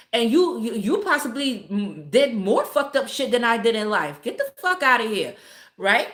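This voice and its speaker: A woman's voice: fairly high pitch, a bit bright. A woman hosting a casual live stream, talking bluntly and cursing often while greeting viewers by name. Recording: echoey room.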